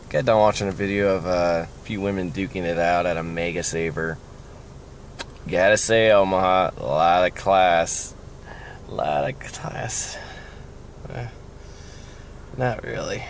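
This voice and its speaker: A man's voice: sits low, a little hiss or hum. A young man from the United States ranting casually in a vlog, rambling and sardonic, often trailing off. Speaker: vlogger.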